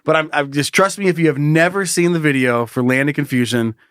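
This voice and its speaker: A man's voice: a little high, fairly quick, a bit bright, clean tone, no room sound, studio quality. A man co-hosting a casual comedy podcast, reading a listener's story aloud and acting out the voices, laughing often.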